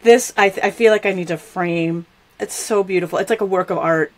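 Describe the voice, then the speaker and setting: A woman's voice: fairly low pitch, brisk. Gushing woman hosting a live craft stream. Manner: gushing, excitable, talks straight to viewers. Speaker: stamping demonstrator hosting a live craft show. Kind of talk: casual live-stream chat.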